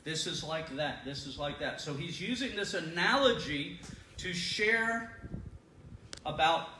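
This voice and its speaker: A middle-aged man teaches a Bible study in a loose, folksy, conversational way, often doubling his words. His voice is bright and sits a little high. He is heard from off the mic in an echoey room. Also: expressive, unhurried, distant mic, a little hiss or hum. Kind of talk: sermon-style Bible teaching. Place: congregation room.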